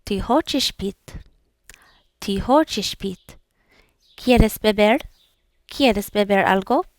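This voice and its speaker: A woman's voice: medium pitch, takes it slowly, dry recording, clean studio sound. A young woman learning languages, repeating practice words aloud and chatting casually with fillers.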